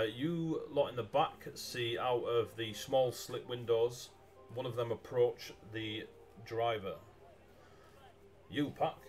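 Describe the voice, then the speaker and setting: A man narrating a tabletop game as game master, rambling with many ums and uhs over a video call mic. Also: mid-range voice.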